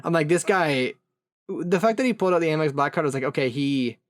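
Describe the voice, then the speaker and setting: Podcast co-host, slightly high male voice, rambling anecdotes, dead-dry mic. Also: lively intonation, quick pace, dry recording. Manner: rambling storyteller, trailing asides. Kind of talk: casual chat.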